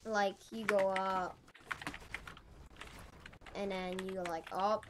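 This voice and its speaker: A woman's voice: medium pitch, little pitch movement, slow. A woman hosting a casual gameplay tutorial, thinking aloud, rambling and correcting herself as she goes. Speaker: gaming channel host. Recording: noisy with keyboard clicks.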